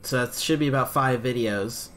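A young man talks casually over his gameplay at a middle pitch. He rambles, thinks out loud and pokes fun at his own mistakes, with faint music underneath. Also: normal speed. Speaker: let's play commentator.

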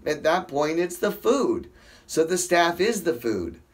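A man's voice: a little high, sing-song, a little slow. A man hosting a casual Bible study, reading scripture aloud and breaking off into rambling, self-interrupting asides.

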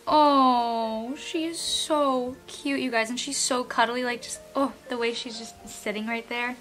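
Young woman, high voice, slow and gushing, gasps of delight, faint music behind. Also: little pitch movement, fairly bright tone. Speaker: vlogger. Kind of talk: unboxing vlog.

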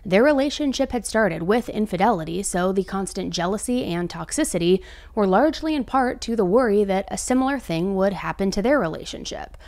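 A woman's voice: medium pitch, animated, a little fast, a little mellow. A woman hosting a true crime show, telling the case in a casual, chatty way with asides to her viewers. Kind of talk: true crime storytelling to camera.

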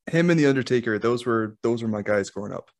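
A young adult man from Scotland, a wrestler chatting calmly and easily as a podcast guest, laughing at himself. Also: mid-range voice, fast. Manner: calm, easygoing, laughs at himself. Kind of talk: casual interview chat.

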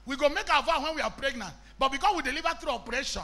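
A Nigerian man preaching a sermon as an evangelist, impassioned and breaking into shouts, with Pidgin mixed into his English. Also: extremely high pitch, animated, racing.

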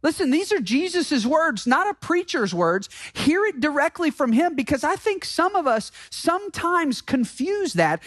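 A man preaching a sermon as pastor, emphatic and slowing down to repeat key phrases. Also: very high-pitched, big pitch swings, fairly bright tone, no room sound. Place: church sanctuary.

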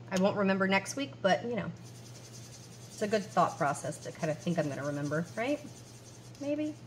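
A woman's voice: medium pitch, fairly bright tone, slight background noise. A woman in her forties chatting casually at home as she counts cash aloud and talks to herself between numbers. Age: 40s. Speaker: budgeting vlogger.

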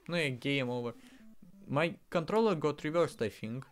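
A man's voice: on the high side, moderate pace, faint music behind. A man giving casual commentary while playing a video game, exasperated and swearing often. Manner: exasperated, swearing, frequent exclamations. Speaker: gaming streamer.

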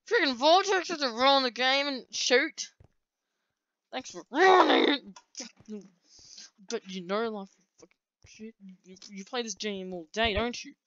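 A woman giving live commentary while playing a game, excitable and quick to outbursts of frustration. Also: a little high, no echo, highs cut off. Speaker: gaming video creator.

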